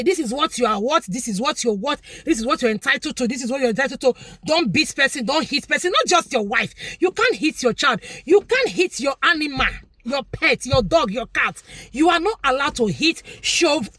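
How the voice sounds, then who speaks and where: A Nigerian woman, a vlogger commentator, gives her viewers a preachy monologue in a high voice that jumps up and down with lively emphasis. She repeats lines to hammer points home at a moderate pace. The sound is close and dry, with no room sound.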